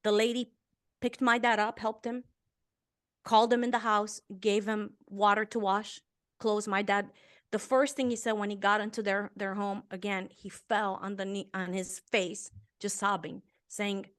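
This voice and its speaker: A woman in her fifties from Romania, a guest author telling a personal story in an interview, earnest and emotional, swelling and dropping to a hush. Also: medium pitch, little pitch movement, measured pace, smooth. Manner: earnest and emotional, with intense swells and hushed drops.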